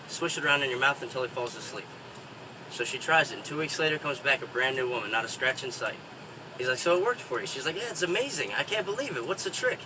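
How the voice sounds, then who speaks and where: A man's voice: fairly high pitch, far from the mic. Man telling bar jokes, noisy outdoors. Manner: folksy, chuckles at own jokes. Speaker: stand-up comedian. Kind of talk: stand-up joke telling.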